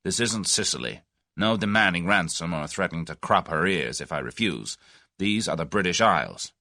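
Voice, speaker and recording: A man's voice: sits low, lively intonation, moderate pace, no echo, studio quality, full character voice. Man playing a brash blunt American. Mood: forceful. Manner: forceful, blunt.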